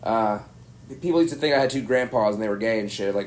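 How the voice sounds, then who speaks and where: A man's voice: lowish voice, fast talker. Rambling, profane young man from Arkansas. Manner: rambling, profane, says "dude" a lot. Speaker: stand-up comedian, podcast guest. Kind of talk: casual chat, storytelling.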